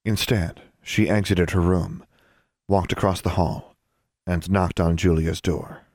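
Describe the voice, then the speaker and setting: A low-pitched male voice narrates an audiobook with calm, even pacing in its storytelling. The studio sound is clean, free of room sound.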